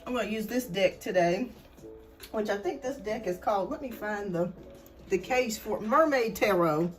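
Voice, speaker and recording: A woman's voice: mid-range voice, moderate pace, faint music behind. A woman hosting a live tarot stream, out of breath and chatting casually while she greets viewers by name.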